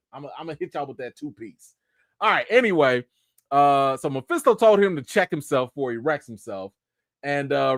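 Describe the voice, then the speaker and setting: A man's voice: mid-range voice, a bit bright, dry recording, studio quality. A man hosting a casual live-stream review, talking straight to his viewers in slang. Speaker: TV series reviewer and live-chat host.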